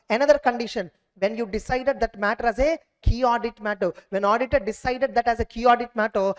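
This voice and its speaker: A high-voiced man teaching an audit exam revision class at a brisk clip. He drills each point with repetition and keeps asking students if they are clear. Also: fairly bright tone.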